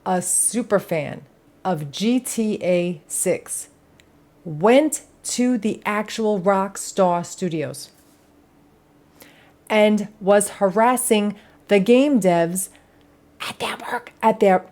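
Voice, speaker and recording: A young woman hosts a gaming news show in a casual, chatty way. She is sassy and theatrical and swears without a second thought. Her voice sits at a middling pitch for a woman. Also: a little slow, a little mellow. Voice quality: sassy, dramatic, swears freely. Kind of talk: casual commentary.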